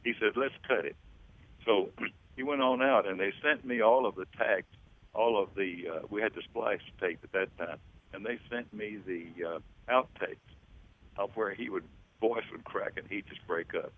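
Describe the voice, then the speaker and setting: A man's voice: lowish voice, moderate pace, narrow, tinny audio. An older man in an interview, telling stories and coaching vocal sounds. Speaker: interviewee, backup singer. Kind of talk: storytelling interview chat.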